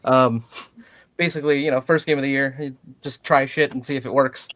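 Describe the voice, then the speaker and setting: A man's voice: mid-range voice, fairly even intonation, fairly quick, a bit bright, dry recording. A man co-hosting a casual sports chat, joking and contrarian, with lots of fillers and restarts. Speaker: podcast co-host.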